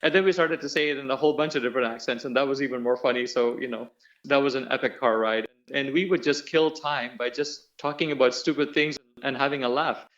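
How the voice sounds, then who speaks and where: Male interview guest, animated storyteller who laughs often, muffled lo-fi audio. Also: mid-range voice, quick pace. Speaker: guest musician. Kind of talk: casual reminiscing interview. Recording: dull lo-fi audio.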